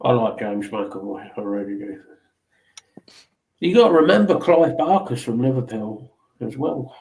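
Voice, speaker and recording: A man's voice: medium pitch, lively intonation, measured pace, darkish tone, roomy sound, low-quality recording. A man co-hosting a podcast with dry, teasing humour in casual banter. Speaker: podcast co-host.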